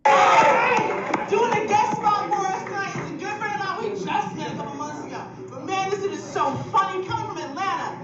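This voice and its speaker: A woman's voice: extremely high pitch, normal speed. A woman emceeing a comedy show, announcing the next act from the stage. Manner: announcing, shouts the name. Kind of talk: stage introduction. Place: crowded comedy club. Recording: distant, echoey, dull club audio with music.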